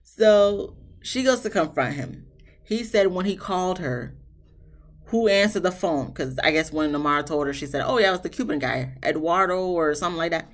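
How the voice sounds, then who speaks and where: Low-voiced woman recapping reality TV. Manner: animated, jokey, slangy, quotes cast members in quick voices. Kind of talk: casual recap commentary.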